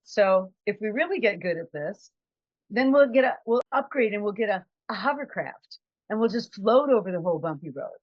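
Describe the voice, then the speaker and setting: A woman's voice: mid-range voice, lively intonation, moderate pace, dry recording, lo-fi sound. A woman giving a conversational, reflective motivational talk as a trainer. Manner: conversational, reflective, acts out quotes.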